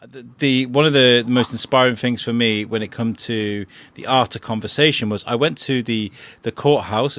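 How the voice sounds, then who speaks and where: A man's voice: mid-range voice, fairly bright tone. A man, a podcast co-host chatting casually, rambling and enthusiastic with lots of fillers. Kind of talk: casual chat.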